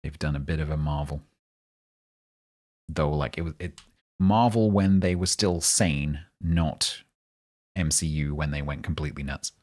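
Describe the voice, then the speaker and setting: London-accented male streamer, extremely low voice, rambling chat with sarcastic outbursts at the game. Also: measured pace, pauses often, darkish tone. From London, England. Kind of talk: casual live gaming stream chat.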